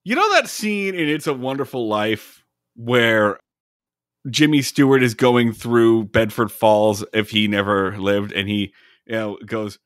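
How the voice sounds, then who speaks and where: A man's voice: on the low side, expressive, unhurried, fairly bright tone, no echo, studio quality. A man co-hosting a podcast, recapping a TV episode in playful casual chat. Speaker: podcast co-host.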